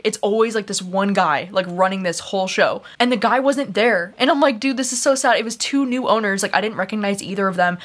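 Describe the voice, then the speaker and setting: A young woman chatting casually in a home vlog, excitable, laughing and swearing often. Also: mid-range voice. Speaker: vlogger.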